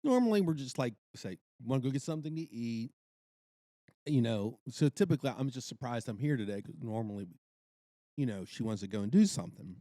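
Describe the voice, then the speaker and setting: Middle-aged guy telling a wild story on a podcast, really lively up and down voice. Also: medium pitch, fast, no echo, studio quality. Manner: animated storyteller, exclaiming as he retells. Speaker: podcast co-host. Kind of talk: casual chat.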